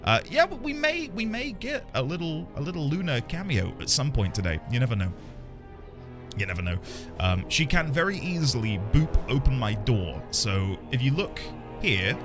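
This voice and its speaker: A man live-streaming a game, chatting casually with viewers, greeting them by name and playing up mock outrage. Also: mid-range voice.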